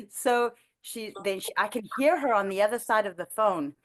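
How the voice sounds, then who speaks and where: A woman sharing a personal prayer testimony in an earnest, halting way, with frequent restarts and light laughter. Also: medium pitch. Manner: halting, with many restarts and fillers. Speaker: ministry trainee sharing a testimony. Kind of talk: conversational testimony.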